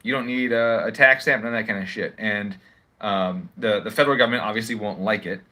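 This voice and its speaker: A man's voice: on the low side, a little fast, bright, forceful tone. A man ranting casually on a livestream at home, swearing often and sounding sarcastic as he rambles. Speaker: live streamer.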